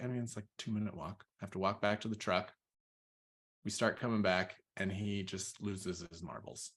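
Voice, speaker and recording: A man in his thirties, a father telling a parenting story in casual chat, rambling and relaxed with lots of fillers. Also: deep voice.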